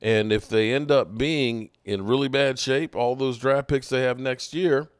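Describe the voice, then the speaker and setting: A man's voice: medium pitch, steady tone, unhurried, smooth, dry recording, clean studio sound. A man hosting a sports podcast, talking through his thoughts casually with frequent restarts. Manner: conversational, thinking aloud with restarts. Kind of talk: casual commentary.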